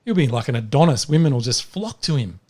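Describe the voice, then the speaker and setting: A man voicing a talking, wish-granting male frog who speaks slowly and warns. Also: mid-range voice, sing-song, mellow. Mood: patient.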